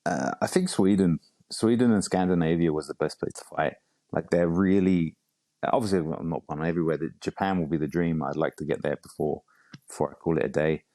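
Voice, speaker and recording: A man from England with a London accent talks in a deep, low voice. He is a fighter telling stories in a relaxed, meandering way, dropping "you know" and "bro" as he goes. The sound is close and dry. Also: fairly quick, no echo. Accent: London English. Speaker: bare knuckle fighter and coach. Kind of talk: casual interview chat.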